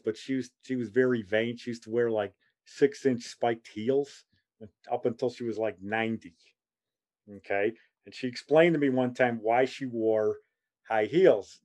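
Rambling man telling family stories. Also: medium pitch. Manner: rambling, chuckling, animated quoting. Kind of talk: casual anecdotal storytelling.

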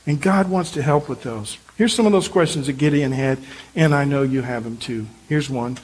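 A man's voice: fairly high pitch, normal speed, breathy edge, low-quality recording. A male pastor preaching a sermon in an earnest, emphatic, encouraging way.

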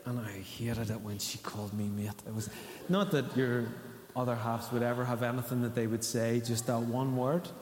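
Pastor preaching in an echoey hall. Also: male voice, mid-range voice, flat delivery, moderate pace, crowd noise. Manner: conversational, asks the congregation questions. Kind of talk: sermon. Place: church hall.

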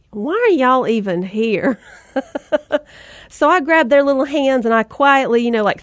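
A woman's voice: fairly high pitch, dry recording, clean studio sound. A woman, hosting a podcast and telling a self-deprecating story in a chatty, casual way. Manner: chatty, self-deprecating, addresses listeners as mamas. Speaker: podcast host.

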